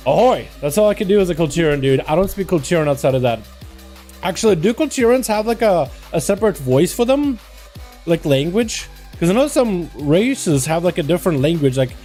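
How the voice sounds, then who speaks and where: Young male streamer, high mellow voice, hyped casual chatter over soft background music. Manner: excitable, slangy, greets chat constantly. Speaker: streamer hosting game duels. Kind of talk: casual livestream chat.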